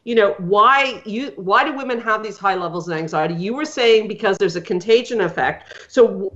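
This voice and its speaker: A woman's voice: mid-range voice, animated, moderate pace, fairly bright tone, muffled recording. A woman hosting a radio talk show, chatty and rambling with many fillers. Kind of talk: casual radio interview.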